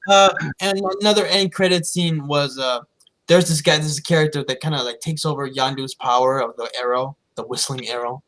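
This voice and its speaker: A man's voice: mid-range voice, a little fast, a bit bright, low-quality recording. A man co-hosting a podcast, casually retelling movie scenes with many fillers. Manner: rambling, filler-heavy retelling. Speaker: podcast co-host.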